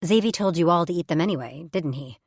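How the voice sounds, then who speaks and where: A woman's voice: lowish voice, expressive, fast, no echo, studio quality. A woman voicing a bubbly, nosy young woman who eagerly wheedles for gossip in an audiobook. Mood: eager teasing.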